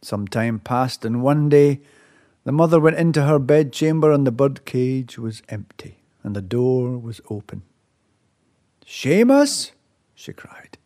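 A man telling a folk tale aloud, measured and expressive, dropping softly and rising with excitement. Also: medium pitch. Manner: measured, with lively rises and soft hushed drops. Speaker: storyteller. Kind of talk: oral folk-tale storytelling.

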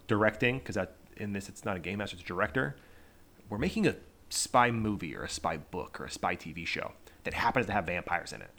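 A man running a tabletop game, explaining rules quickly and joking with players. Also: medium pitch. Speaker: game master.

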